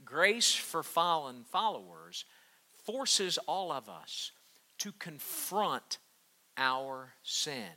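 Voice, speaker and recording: A man preaching a sermon to his congregation, emphatic, rising to fervent peaks and dropping to hushed lines, often restarting and repeating words. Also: fairly high pitch, sing-song, extremely slow. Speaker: pastor.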